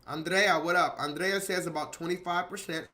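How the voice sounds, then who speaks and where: A man's voice: a little high, steady tone, normal speed, sharp tone. A man hosting a casual livestream, rambling and repeating himself while reading out viewers' chat comments. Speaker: livestream host.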